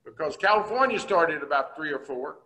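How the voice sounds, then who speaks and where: With a fairly high, sharp-toned voice, this older man is expressive and talks a little fast. He's a Texas state senator spinning folksy, plain-spoken stories at a business breakfast, recorded with long hall reverb.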